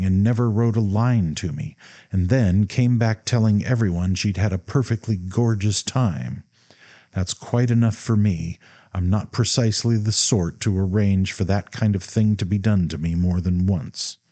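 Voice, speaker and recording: A man's voice: lowish voice, dark tone. A man voicing a proud, hot-tempered young man who speaks sharply, coldly and emphatically.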